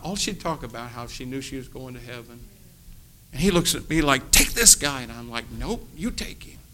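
A middle-aged man preaching with a sharp, bright tone that sits a little high. He tells stories with animation, acting out voices, leaping from loud bursts to hushed, intimate asides. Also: creaky. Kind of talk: sermon with storytelling.

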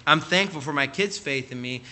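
Man, 30s, pastor, earnest repetitive sermon delivery, bright and a little high. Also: brisk. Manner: earnest preaching with repetition, closes in prayer. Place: church room.

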